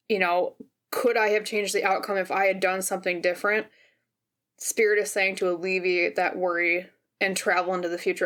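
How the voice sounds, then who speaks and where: Gentle, reassuring woman reading tarot. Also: lowish voice. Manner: gentle and reassuring, often checks in with "okay?". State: briefly teary and emotional. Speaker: tarot reader. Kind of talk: pick-a-card tarot reading. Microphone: camera mic, seen on camera.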